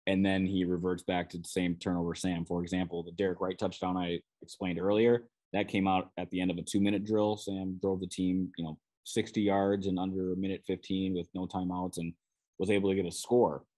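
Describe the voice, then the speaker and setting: A man with a Minnesotan accent hosts a solo sports podcast, breaking down players and practices. His voice sits low, and he talks in a relaxed, rambling way, often restarting his sentences mid-thought. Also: brisk. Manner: conversational, with frequent restarts and "you know". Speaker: sports beat writer and podcast host.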